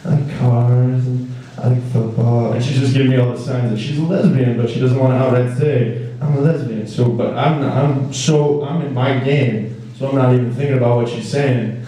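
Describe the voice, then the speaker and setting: A young man performing a stand-up comedy set, rambling and acting out characters in quick put-on voices. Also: mid-range voice, fairly even intonation, dark tone. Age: young adult. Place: comedy stage in a hall. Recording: echoey hall, mic far off.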